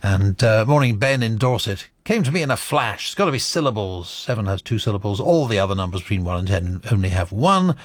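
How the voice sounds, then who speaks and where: A man's voice: on the low side, big pitch swings, brisk, few pauses, dry recording. A man presenting a radio show, reading out listener messages with dry, wry teasing asides.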